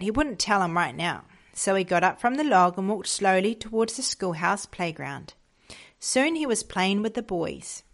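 Woman gently reading a storybook aloud. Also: medium pitch. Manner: gentle, measured storybook reading with voiced dialogue. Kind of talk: read-aloud moral story.

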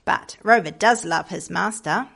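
Curt, gruff dog owner, voiced by a woman narrator; some fry in the tone. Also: on the low side, unhurried, fairly bright tone, heavily acted. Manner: gruff, then tearful and choking. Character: gruff self-centred man with a dog.

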